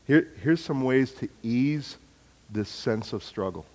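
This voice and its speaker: A man's voice: medium pitch, lively intonation, slow pace, a little mellow, long reverb tail. A middle-aged man preaching a sermon, telling family stories with acted-out dialogue and building to emphatic points. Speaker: pastor.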